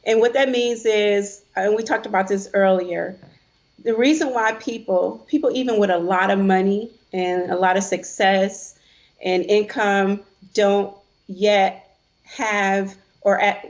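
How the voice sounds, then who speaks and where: A woman's voice: mid-range voice, steady tone, a little slow. A middle-aged woman, a financial advisor and coach, telling a heartfelt personal story as an interview guest. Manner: heartfelt, earnest storytelling with quoted voices. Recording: dull lo-fi sound.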